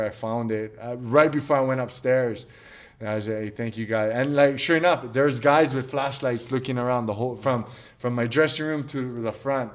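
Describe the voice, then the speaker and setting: Profane, rambling fighter telling his story. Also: mid-range voice. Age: 30s. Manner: profane, rambling, acts out quotes of others. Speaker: mixed martial arts fighter. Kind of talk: casual interview storytelling.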